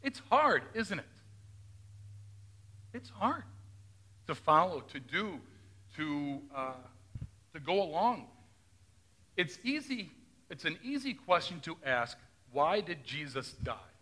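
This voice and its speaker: A man's voice: on the high side, big pitch swings, slow pace, long pauses, bright, forceful tone. A male pastor giving a conversational sermon, often asking his congregation questions and retelling scripture in his own words.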